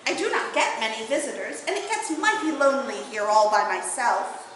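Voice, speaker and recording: A woman voicing a lonely, gentle young male dragon who speaks politely and a little plaintively, told aloud in a very echoey hall. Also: on the high side, animated, normal speed, a little hiss or hum, voice pushed down. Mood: warm. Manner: polite, friendly, a bit plaintive.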